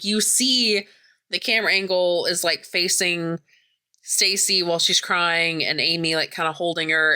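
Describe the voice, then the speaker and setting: A woman's voice: low voice, pushed and bright. A woman podcast host casually recapping a movie plot, chatty, full of "like" fillers and casual swearing.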